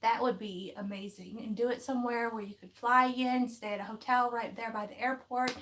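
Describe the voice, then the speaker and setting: A woman's voice: a little high, steady tone, fairly quick, fairly bright tone. Folksy woman, craft vlogger, easygoing live-stream chatter with frequent laughs. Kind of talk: casual live-stream chat, reading viewer comments.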